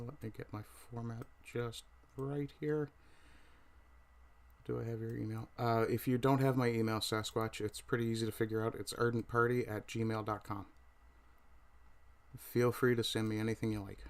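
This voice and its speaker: A man hosting a casual livestream, talking with frequent fillers and pauses, with a mic right under his chin. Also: mid-range voice, flat delivery. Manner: hesitant, many fillers, reads chat aloud. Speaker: livestream host.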